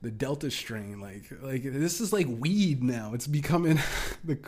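A man's voice: mid-range voice, expressive, a little slow, darkish tone. A young man hosting a solo podcast, ranting casually with lots of swearing, restarts and laughing asides. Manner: profane, rambling, laughing asides.

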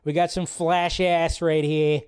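A man hosting a live stream, reacting to a movie trailer in casual, excitable commentary, swearing freely and chatting in asides. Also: fairly high pitch, unhurried, noisy background. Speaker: host.

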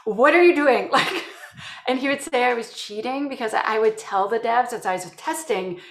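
A woman's voice: fairly high pitch, moderate pace, roomy sound. A woman from Canada, a security professional, telling work stories in an interview and acting out quotes from colleagues. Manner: animated storyteller, acts out quotes. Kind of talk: conversational interview.

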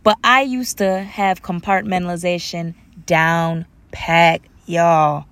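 A woman's voice: fairly low pitch, fairly even intonation, takes it slowly, hardly any pauses, a bit bright, no room sound. A woman hosting a solo podcast with an African American English accent, talking casually and animatedly, slipping into playful voices when quoting others. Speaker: podcast host.

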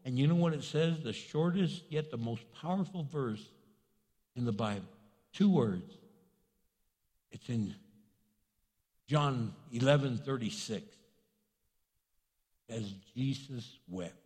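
A man preaching a sermon as pastor, in a casual, animated style that acts out quotes. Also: medium pitch, unhurried, long pauses. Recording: long reverb in a large hall.

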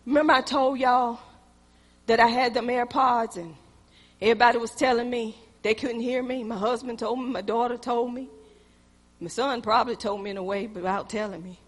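A woman preacher delivering a sermon in storytelling style, swinging between loud exhortation and quiet asides, recorded in a church. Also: on the high side, fairly even intonation, moderate pace, long reverb tail.

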